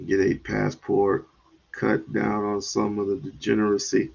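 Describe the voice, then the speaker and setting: A man hosting a livestream, ranting in commentary with sudden loud bursts and chuckles. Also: on the low side, completely flat delivery, measured pace, vocal fry, highs cut off. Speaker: streamer host.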